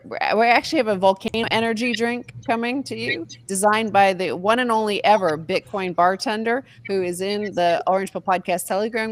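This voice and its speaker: A woman co-hosting a casual group chat over a call, excited and swearing freely. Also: mid-range voice. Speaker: podcast co-host.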